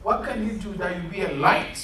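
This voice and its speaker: A man's voice: high-pitched, brisk. A man leading a Bible study as an interactive sermon, earnestly quizzing his listeners and calling them "beloved". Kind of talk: interactive sermon to a youth group. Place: room set up with chairs. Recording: echoey room, mic far off, faint hum.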